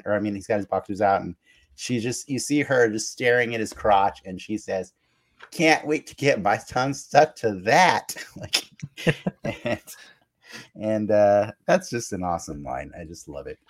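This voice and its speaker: A man with a somewhat low voice recaps a cartoon episode for a podcast. He rambles in casual chat, stumbling over restarts and filling gaps with fillers as he laughs along. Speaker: podcast co-host.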